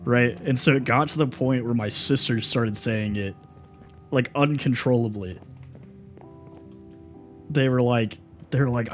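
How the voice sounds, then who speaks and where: A man's voice: medium pitch, a little slow, long pauses, soft background music. Chatty young streamer guy, rambling. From Texas. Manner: rambling and chatty, answers chat messages aloud, says "dude" and "brother". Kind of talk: casual livestream chat while gaming.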